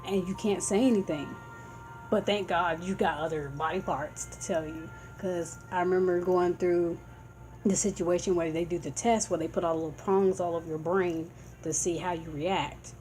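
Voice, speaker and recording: A woman's voice: fairly low pitch, steady tone, moderate pace, a little mellow, poor audio. A woman vlogging in a casual, earnest and heartfelt way, rambling a little as she explains warning signs. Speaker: vlogger raising epilepsy awareness. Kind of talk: casual informative vlog. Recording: faint background music.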